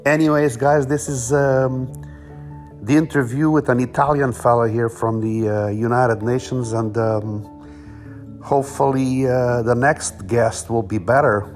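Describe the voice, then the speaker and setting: A man hosting a mock street-interview comedy sketch, talking in a loose, halting way. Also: mid-range voice, steady tone, soft background music. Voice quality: loose, halting, full of fillers.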